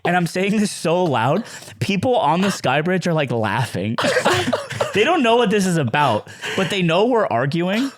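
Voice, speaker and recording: A young man chatting on a podcast, his voice swinging high and low as he tells a story. He laughs often and slips into the voices of the people in it. The sound is dry and close, with little room around it. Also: a little slow, no room sound. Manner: animated, laughs often, acts out quotes. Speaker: podcast co-host. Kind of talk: casual chat, storytelling.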